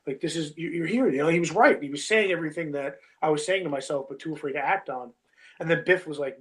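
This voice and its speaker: A man's voice: a little high, quick pace, poor audio. A man in his thirties, a wrestler telling a long story in a casual interview, full of fillers like "you know what I mean" and "bro".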